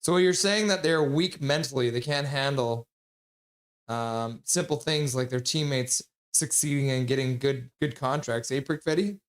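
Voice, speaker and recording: A man streaming live play-by-play commentary, joking with viewers between calls and getting loud and excited on big plays. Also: medium pitch, a little slow. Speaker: streamer calling the game live.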